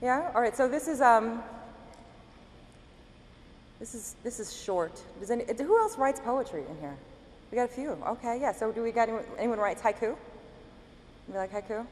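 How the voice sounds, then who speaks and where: A woman's voice: on the high side, expressive, moderate pace, pauses often, darkish tone. A woman slam poet at a live spoken-word reading, chatting casually with the audience and reciting in driving, repeated lines. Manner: talks casually and jokingly with the audience between poems. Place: university event hall before a live audience. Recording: live hall recording with long reverb and faint room noise.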